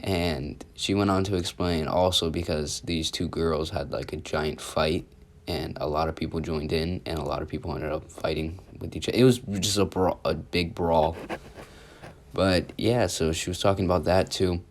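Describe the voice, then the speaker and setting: Sick guy with a sore throat telling a school story, really low voice, lots of likes. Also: fairly even intonation, normal speed, a little hiss or hum. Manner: rambling, casual with many fillers. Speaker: youtuber. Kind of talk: storytime vlog.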